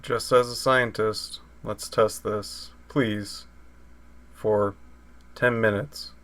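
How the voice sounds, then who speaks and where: Man, player, slow, flat, low, cautious. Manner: measured, cautious. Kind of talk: in-character tabletop play.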